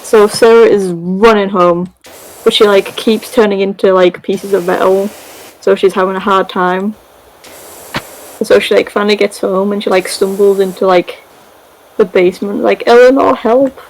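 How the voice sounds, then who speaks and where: A woman chatting casually as she recaps a story over gameplay, rambling and full of fillers and little giggles. Her voice sits at a medium pitch for a woman. A faint hiss runs underneath. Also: level tone, normal speed, poor audio. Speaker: gaming video creator.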